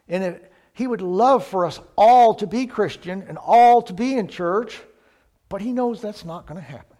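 A man preaching a sermon, earnest and unhurried, who gets louder on the points he stresses. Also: high-pitched. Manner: slow, earnest, rises in volume on key points.

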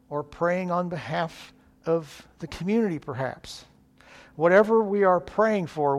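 A male preacher, giving an earnest, folksy sermon. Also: sits high.

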